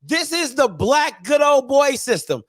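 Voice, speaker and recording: A man hosting a live sports talk show, ranting in an animated, slangy, mocking way. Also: very high voice, a little slow, no room sound. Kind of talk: live solo sports rant.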